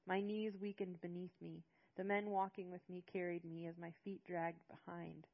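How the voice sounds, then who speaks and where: Woman, audiobook narration, first person, hushed, sorrowful, low voice, dull lo-fi audio. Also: flat delivery, moderate pace, creaky.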